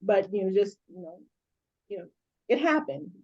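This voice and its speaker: Woman, mellow voice, animated storyteller who laughs a lot, lo-fi call. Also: medium pitch, moderate pace. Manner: laughing, animated, leans on "you know". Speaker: speaker. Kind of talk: casual storytelling. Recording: dull lo-fi call audio.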